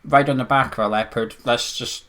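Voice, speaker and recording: Male co-host, mid pitch, rambling opinionated chat. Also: fairly even intonation, normal speed, a bit bright. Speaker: podcast co-host. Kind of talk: casual chat.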